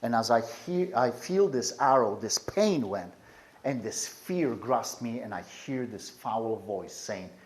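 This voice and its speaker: Man, personal testimony, earnest, intense, repeats himself, mid pitch. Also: expressive, slow pace.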